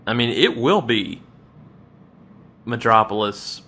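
A man co-hosting a podcast in casual chat, ranting with frequent restarts and sudden jumps up in pitch. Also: slow, husky. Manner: animated, restarts often, rants with rising pitch. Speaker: podcast co-host.

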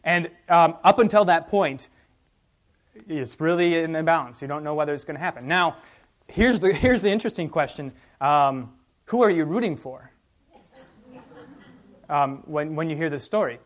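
Man leading a lively Bible class. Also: fairly high pitch, normal speed, pauses often. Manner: conversational, asks the class questions, reads passages aloud with emphasis. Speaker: Bible study teacher.

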